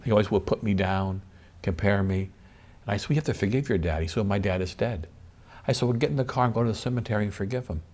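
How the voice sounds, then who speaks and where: A man's voice: fairly low pitch, fast talker, a little mellow. A man, a priest and guest, speaking earnestly in a preacherly way with lots of repetition. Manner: earnest, preacherly, builds emphasis through repetition. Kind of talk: interview talk about forgiveness.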